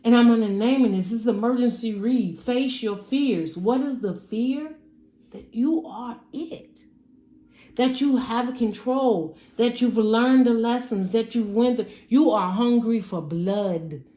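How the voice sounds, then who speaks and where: At home, a woman does a casual tarot reading on camera, talking straight to the viewer with emphasis and repeating herself. Her voice is a little high and dark in tone, her pace slow, and the room adds noticeable reverb.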